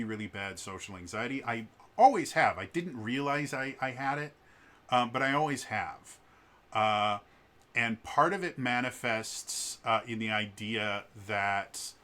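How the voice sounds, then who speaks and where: A man's voice: mid-range voice, sharp tone. A man in his thirties telling a personal story in a casual, hesitant way, with frequent stammers and restarts. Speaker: vlogger.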